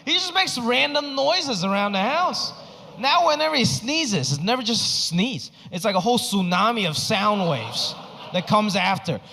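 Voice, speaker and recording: A stand-up comedian from Hong Kong in his thirties, performing an animated, exaggerated set on a theater stage. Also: high-pitched, creaky, slight background noise. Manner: animated, exaggerated, quick punchlines. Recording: stage mic in a reverberant hall.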